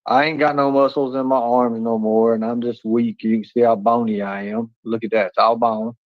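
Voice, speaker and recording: A man's voice: medium pitch, level tone, normal speed, no room sound. A man co-hosting a casual livestream chat, rambling and often stammering and restarting. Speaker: livestream co-host. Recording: dull lo-fi stream audio.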